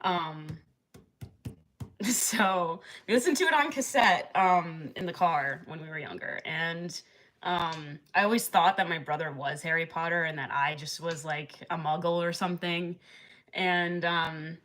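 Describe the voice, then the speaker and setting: Chatty young woman with a bright voice. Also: on the low side, unhurried. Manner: chatty, laughing often, many fillers. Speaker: livestreamer. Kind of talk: casual live-stream chat.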